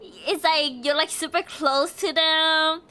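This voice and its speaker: A woman's voice: high voice, slow, pushed and bright. A woman streamer chatting casually and gushing with giggly reactions. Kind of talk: casual live-stream chat.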